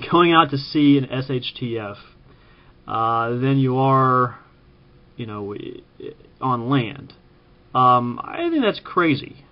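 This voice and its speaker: A man from Kansas giving casual spoken commentary, halting with frequent ums and self-corrections. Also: mid-range voice, sing-song, highs cut off. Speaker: vlogger ranking TV preppers.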